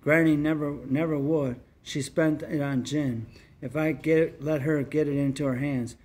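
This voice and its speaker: A man voicing a boisterous, excitable young lad who speaks loudly and bluntly. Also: on the high side, moderate pace, close to an everyday voice. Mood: cross.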